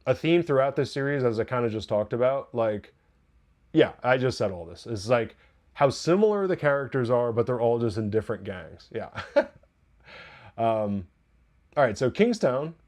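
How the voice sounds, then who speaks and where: Chatty excitable man reviewing a show. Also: mid-range voice, moderate pace, pauses often. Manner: chatty and excitable, laughs often, restarts and digresses. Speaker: podcast host reviewing a TV episode. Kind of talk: casual solo review talk.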